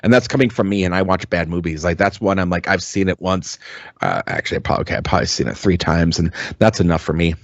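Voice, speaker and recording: Low-voiced rambling man on a podcast. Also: animated, fast, dry recording, highs cut off. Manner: rambling, full of ums and restarts; swears freely. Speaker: podcast co-host. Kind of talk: casual chat.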